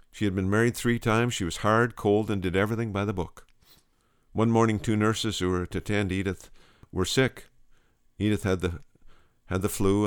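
A man's voice: on the low side, smooth, dry recording, studio quality. A man preaching a storytelling sermon, earnest, quoting scripture.

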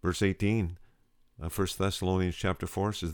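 A man's voice: low-pitched, moderate pace, a little mellow, no room sound, clean studio sound. A man preaching a storytelling sermon, earnest, quoting scripture.

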